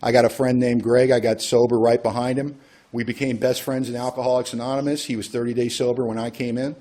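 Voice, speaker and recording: Man, workshop speaker, mellow dark tone, casual storytelling, acts out quotes. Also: mid-range voice, little pitch movement, fast talker. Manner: conversational, acts out quoted dialogue. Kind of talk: personal storytelling talk.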